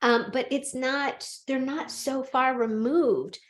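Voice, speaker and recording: A woman hosting a podcast, telling a personal story in casual chat, animated and laughing often as she acts out what people said. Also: high-pitched, slow, reverberant. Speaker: podcast host and medium.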